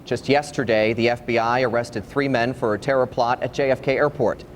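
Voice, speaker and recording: Male journalist, crisp scripted question, mid pitch. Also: steady tone, fairly quick, slight background noise. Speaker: TV journalist panelist. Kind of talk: formal question to candidate.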